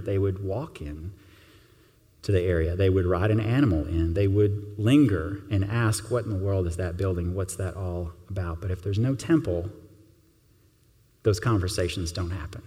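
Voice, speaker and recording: A man preaching a sermon as pastor, earnest and gentle, with measured pauses. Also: deep voice, long reverb tail.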